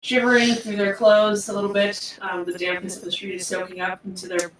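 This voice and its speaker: Woman game master, relaxed rambling narration, distant mic in an echoey room. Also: mid-range voice, brisk, noisy background.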